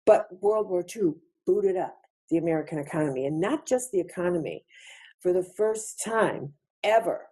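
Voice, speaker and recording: A woman's voice: fairly low pitch, animated, normal speed, warm tone, slightly rough. A woman giving a spiritual lecture over a webinar, reflective, repeating phrases for emphasis. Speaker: featured speaker.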